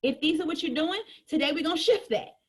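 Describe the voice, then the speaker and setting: A woman giving a sales training talk in a colloquial, animated way, talking straight to her audience and acting out customer conversations. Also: high voice, quick pace.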